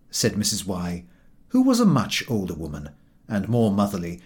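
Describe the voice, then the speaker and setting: A man narrating a classic novel as an audiobook, with dramatic, expressive storytelling. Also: on the low side, normal speed.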